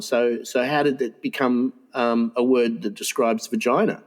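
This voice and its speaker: A man's voice: medium pitch, normal speed, few pauses. A man co-hosting a crude comedy podcast, rambling through made-up caveman stories with many restarts. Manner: rambling, acts out caveman scenes with restarts and laughter. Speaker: podcast co-host.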